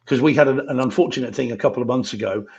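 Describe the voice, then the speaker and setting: A man's voice: mid-range voice, rapid-fire, a little mellow. A man co-hosting a podcast in easygoing casual chat, with a lot of murmured agreement and light teasing. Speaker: podcast co-host.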